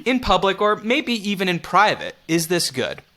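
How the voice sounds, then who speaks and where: A man hosting a casual podcast with a slightly high, bright voice. He reads listener mail and tosses in playful remarks, and his pitch moves a lot. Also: big pitch swings, normal speed. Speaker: podcast host. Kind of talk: casual chat, reading listener letters.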